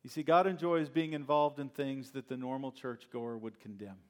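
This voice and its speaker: A man's voice: medium pitch, steady tone, normal speed. A male pastor preaching a sermon in a conversational, storytelling way, with plenty of rhetorical questions.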